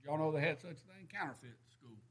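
A man's voice: a little high, quick pace, slightly rough. A middle-aged man preaching a sermon, folksy and plainspoken, rising to emphatic bursts.

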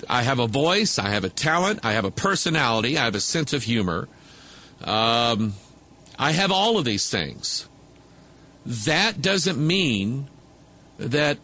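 A man's voice: mid-range voice, sharp tone. A man preaching to a camera microphone, talking loosely with many fillers and restarts. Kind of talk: casual video commentary.

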